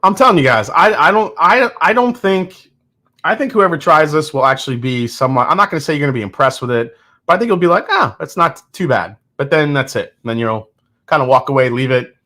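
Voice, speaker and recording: On a live whiskey-tasting stream, a man chats casually and jokes while answering viewer comments. His voice sits on the high side and sounds animated, quick, pushed and bright. He's candid and playful, often restarting sentences and laughing.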